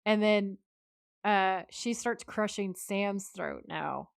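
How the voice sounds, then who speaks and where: A woman's voice: mid-range voice, slow pace, vocal fry, clean tone, no echo. Woman recapping a TV episode, dry sound. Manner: recounts scenes at length, acting out the lines she quotes. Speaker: podcast co-host. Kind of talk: casual episode recap chat.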